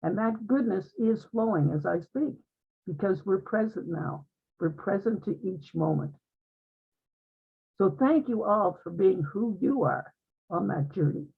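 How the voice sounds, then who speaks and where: A woman's voice: mid-range voice, animated, measured pace, vocal fry, husky. A woman giving an earnest, uplifting spiritual talk to an online group, often repeating her phrases. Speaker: guest speaker in an online group conversation. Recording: tinny phone-like line.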